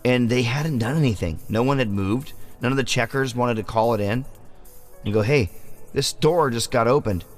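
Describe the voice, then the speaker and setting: A man's voice: mid-range voice, normal speed, soft background music. A man hosting a casual interview show, telling rambling stories and swearing freely. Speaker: podcast host. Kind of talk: casual chat.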